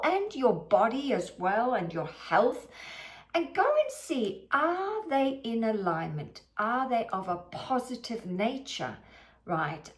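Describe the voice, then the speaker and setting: A middle-aged woman giving a motivational video talk, animated and expressive, sometimes acting out her own past thoughts. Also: on the high side. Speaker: motivational speaker.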